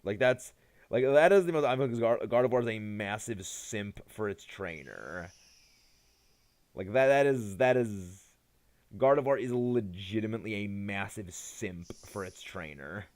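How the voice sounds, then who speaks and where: A man's voice: on the low side, lively intonation, a little slow, a little mellow. A tired young man chatting casually on a live game stream, rambling and hesitant, often restarting his sentences. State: tired, yawning.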